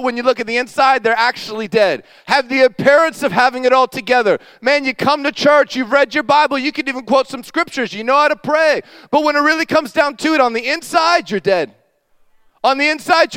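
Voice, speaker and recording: Animated pastor with a high, smooth voice. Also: male voice, dry recording. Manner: animated storytelling, acting out dialogue. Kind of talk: sermon.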